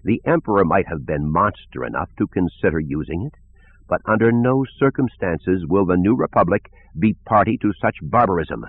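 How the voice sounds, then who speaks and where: Quavering, resolute woman leader, slow and grave, voiced by a man; lo-fi phone tone. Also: sits low, expressive, husky, exaggerated voice. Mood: stern, resolute. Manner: quavering, firm, deliberate. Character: weary, stern woman head of state. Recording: tinny phone-like lo-fi audio.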